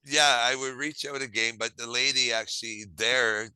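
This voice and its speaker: A man telling stories in a casual chat, lively and acting out the dialogue. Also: medium pitch, moderate pace, clean tone, no echo, low-quality recording. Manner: lively, acts out quoted dialogue; self-described quirky. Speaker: podcast host. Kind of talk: casual storytelling.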